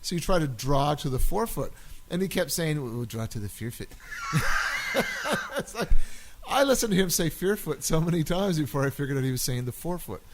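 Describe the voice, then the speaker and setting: A man's voice: a little high, expressive, a little fast, a little hiss or hum, low-quality recording. A man co-hosting a casual chat podcast, rambling and laughing often as he talks. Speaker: podcast co-host.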